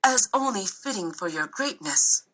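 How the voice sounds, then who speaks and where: A woman voicing an oily, flattering male courtier in a storybook reading. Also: mid-range voice, unhurried, low-quality recording. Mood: fawning.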